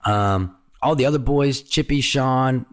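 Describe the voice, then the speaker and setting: A man telling golf trip stories in casual chat, lively and swearing freely, often acting out the people he quotes. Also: mid-range voice, measured pace, clear, resonant tone. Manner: animated, jumps into quoted voices, swears freely.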